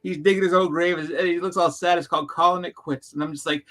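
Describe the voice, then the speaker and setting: A man's voice: a little high, fast. Rambling New England man telling stories. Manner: rambling, animated storyteller, bursts into loud impressions. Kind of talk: casual chat.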